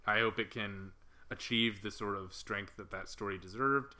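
Man, podcast co-host, bright tense tone, lowish voice, hesitant, casual chat. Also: moderate pace. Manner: hesitant, thoughtful, many "um"s and restarts.

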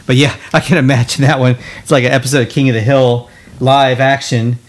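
A man's voice: mid-range voice, flat delivery, a little fast. A man hosting a podcast, chatting casually and joking as he asks leading questions. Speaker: podcast host. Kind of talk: casual interview chat.

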